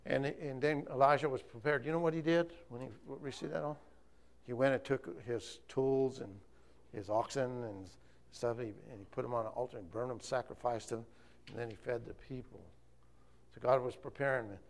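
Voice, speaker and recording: A man's voice: mid-range voice, steady tone, normal speed, gravelly. A man preaching an informal sermon, rambling and often correcting himself. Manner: rambling, self-correcting, chatty.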